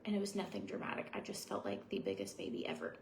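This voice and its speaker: A woman's voice: rumbling low, sing-song, quick pace, gravelly, a little mellow, a little hiss or hum. A young adult woman chatting casually at home while doing her skincare routine, rambling and confiding with lots of fillers. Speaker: beauty vlogger.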